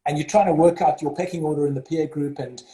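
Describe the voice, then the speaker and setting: A mellow-voiced man with a South African accent speaks as a headmaster in an interview. He hesitates often, with fillers and restarts, and his voice sounds echoey in a roomy space. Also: fairly high pitch, fairly even intonation, fast talker. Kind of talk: interview over video call. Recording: roomy echo.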